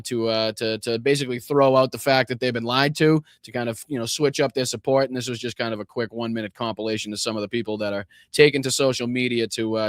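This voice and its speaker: A male host rattles through commentary on his own livestream at a brisk clip, rambling with sarcastic asides. His voice sits at a middle pitch and sounds close and dry, with no room around it. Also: no room sound. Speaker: political talk show host.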